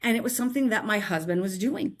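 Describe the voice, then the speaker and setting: A middle-aged woman telling a faith-filled personal story as a guest, animated and chatty, often checking in with "right?". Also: medium pitch, fast.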